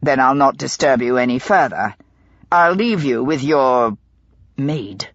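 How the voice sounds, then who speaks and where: A woman voicing a stern, hot-tempered male police inspector who speaks gruffly through clenched teeth. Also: medium pitch, animated, unhurried, fairly bright tone, dry recording, muffled recording, pitched below the performer's own voice. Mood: forced civil. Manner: gruff and clipped, ground out between teeth.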